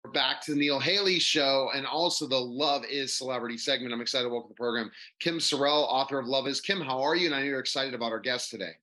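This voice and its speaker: A man's voice: mid-range voice, quick pace, hardly any pauses, pushed and bright, poor audio. A man hosting an interview show, enthusiastic and prone to rambling questions. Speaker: show host. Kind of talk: radio-style interview hosting.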